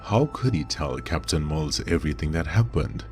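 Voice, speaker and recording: A man with an extremely deep voice narrates a dark fantasy horror story in a measured, dramatic way. Faint music runs under his reading. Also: animated.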